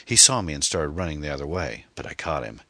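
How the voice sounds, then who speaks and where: A harsh, scornful middle-aged man, rough and angry, as a male narrator plays him. His voice is very deep, with a bright edge. The sound is close and dry. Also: big pitch swings, fast talker, no room sound, full character voice.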